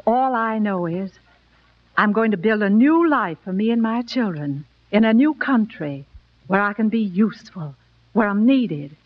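An actress playing a determined pioneer mother in a 1940s radio drama, speaking with earnest, clear diction. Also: mid-range voice. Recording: dull old radio broadcast recording.

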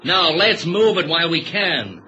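A lively, high-pitched trapper, easygoing and reassuring. The old radio-drama recording is muffled and hissy. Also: male voice, measured pace, exaggerated voice. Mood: steady. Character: steady trapper Ted, easygoing. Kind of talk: vintage radio drama acting.

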